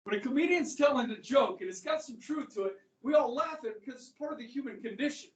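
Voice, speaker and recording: A man's voice: very high-pitched, animated, fast. Male history teacher, casual joking lecture, rhetorical questions, far from the mic, roomy echo. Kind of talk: classroom lecture. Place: classroom. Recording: echoey classroom, speaker far from the mic.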